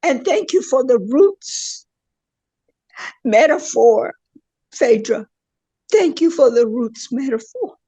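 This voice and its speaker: Slow, earnest older woman guest. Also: sits high, lively intonation, mellow, breathy edge. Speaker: guest, dance elder. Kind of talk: conversational interview.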